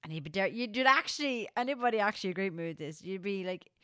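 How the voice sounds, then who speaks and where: A woman's voice: medium pitch, expressive, quick pace, pushed and bright, clear, resonant tone, no echo, clean studio sound. An Irish woman co-hosting a podcast, chatting casually, giggling and bantering back. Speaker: podcast co-host. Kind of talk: casual chat.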